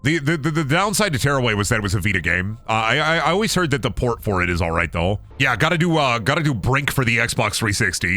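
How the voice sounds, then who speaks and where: A man's voice: medium pitch, quick pace, hardly any pauses, dry recording. A young man streaming a game, casually telling a long rambling anecdote with many fillers and curses. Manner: rambling, animated anecdote with lots of fillers and swearing.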